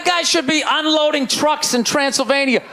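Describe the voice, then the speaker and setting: A middle-aged male stand-up comedian ranting incredulously, with loud outbursts aimed at the crowd. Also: very high-pitched, moderate pace, background noise. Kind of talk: stand-up set. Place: live comedy venue. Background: audience laughter.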